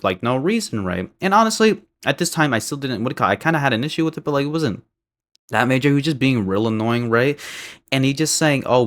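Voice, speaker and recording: A young man with a voice of ordinary pitch tells a long personal story in a loose, rambling way. He swears freely and keeps checking in with "right?", jumping from heated outbursts to low, muttered asides. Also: a bit bright. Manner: profane, rambling, constant "right?" tags; swings between heated bursts and low mutters. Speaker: storyteller vlogger. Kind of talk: casual storytime monologue.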